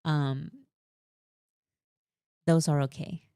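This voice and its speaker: This co-host speaks extremely slowly in a fairly low, gravelly voice with a clean tone, animated yet slightly exasperated during a casual fan chat, stacking fillers as she over-explains. The recording is close and dry, with no echo.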